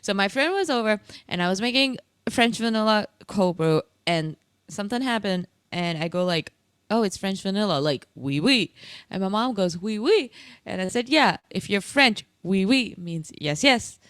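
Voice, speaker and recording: A woman co-hosting a live stream in casual chat, an excitable storyteller who giggles as she goes. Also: medium pitch, normal speed, clean tone, no echo, studio quality.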